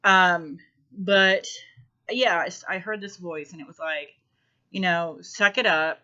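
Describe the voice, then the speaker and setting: A woman telling a personal story in a halting way, with many ums and restarts. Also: fairly low pitch, sharp tone. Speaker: spiritual vlogger. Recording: dull lo-fi recording.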